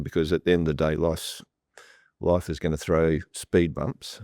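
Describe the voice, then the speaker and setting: A deep-voiced man speaks plainly, often restarting his sentences as he tells a story. The sound is close and dry, with no room around it. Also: steady tone, normal speed, a little mellow, no echo. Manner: repetitive restarts, blunt and plain-spoken. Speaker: property developer guest. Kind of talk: conversational storytelling on a panel. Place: room with a live audience.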